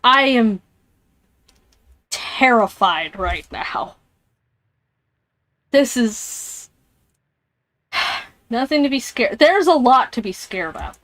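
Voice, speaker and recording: A woman's voice: high-pitched, fairly bright tone, dry recording. A woman streamer playing a game, reading its text aloud and reacting with jumpy, scared comments. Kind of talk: live-streamed game playthrough. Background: headphones on, alone in a room.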